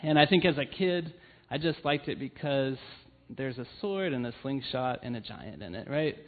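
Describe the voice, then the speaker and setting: A man's voice: medium pitch, expressive, normal speed. A man giving a sermon, telling personal stories in an earnest way with frequent "um"s. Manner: earnest storytelling with frequent fillers. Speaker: church family ministry leader. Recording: tinny phone-like sound.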